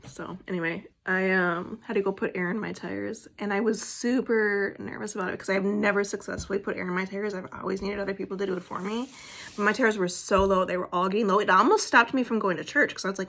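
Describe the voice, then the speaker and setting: A woman vlogger in casual, rambling personal chat, now and then soft-spoken and emotional. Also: mid-range voice, moderate pace.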